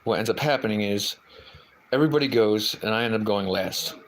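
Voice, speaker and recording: A man's voice: lowish voice, fairly quick, a little hiss or hum, rough recording. A man hosting a livestream, rambling and hesitant, answering viewer comments with lots of fillers and restarts. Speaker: livestream host. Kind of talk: casual chat, reading out viewer comments.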